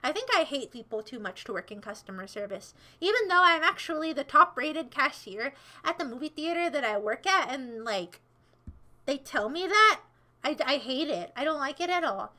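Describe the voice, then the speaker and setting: A woman's voice: high-pitched, sing-song, moderate pace, pushed and bright. A young American woman livestreaming, casually rambling and teasing her chat with sarcastic remarks.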